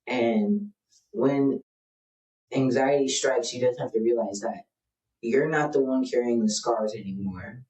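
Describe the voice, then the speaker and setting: A man's voice: mid-range voice, lively intonation, unhurried, a little mellow. A man, a podcast guest, speaking in a thoughtful, hesitant, casual way. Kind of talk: casual faith chat. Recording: roomy, distant mic.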